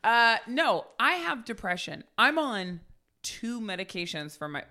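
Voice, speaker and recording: A woman's voice: a little high, sing-song, measured pace, bright, forceful tone. A woman co-hosting a podcast in casual comedic chat, blunt and profane with punchy put-downs, a little drunk. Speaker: podcast co-host.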